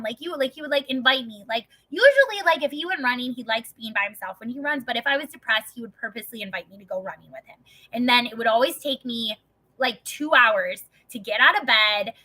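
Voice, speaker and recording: A young adult woman talks loosely and candidly, her voice bright and a touch high. She rambles from point to point, swears freely and leans on "like" in nearly every line. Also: animated, fairly quick. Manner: rambling, profane, heavy filler "like". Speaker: vlogger. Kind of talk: casual chat.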